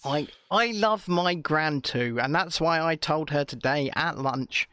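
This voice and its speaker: A British man telling a story in casual, animated chat, swearing often. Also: on the high side, measured pace, few pauses, smooth, no echo, studio quality. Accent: British English.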